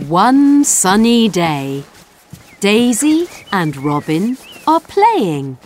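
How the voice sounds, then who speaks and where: Woman storyteller for a children's book; measured, animated, clear reading. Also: mid-range voice, a little hiss or hum. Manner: slow, clear and expressive.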